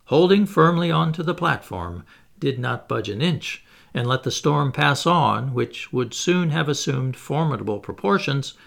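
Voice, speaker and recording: Man narrating with a gravelly voice. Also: medium pitch. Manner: measured, expressive reading. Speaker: audiobook reader. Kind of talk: scripted narration of a classic novel.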